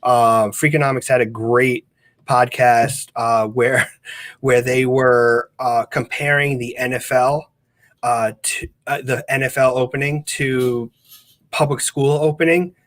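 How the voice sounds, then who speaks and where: A man talking loosely on a podcast, circling his points with lots of ums and uhs and false starts. His voice sits at an ordinary middle pitch. It is recorded close and dry, with almost no room sound. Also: steady tone, slow, fairly bright tone, dry recording. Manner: rambling, with many fillers and restarts. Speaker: podcast co-host. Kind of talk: casual chat.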